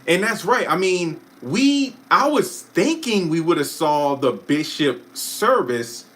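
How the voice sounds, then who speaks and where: A man hosting a casual live stream who chats about a TV finale, answers viewer comments, and often breaks off with quick asides and apologies. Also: a little high, big pitch swings, fairly bright tone. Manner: chatty, self-interrupting, apologetic asides. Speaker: YouTube live stream host.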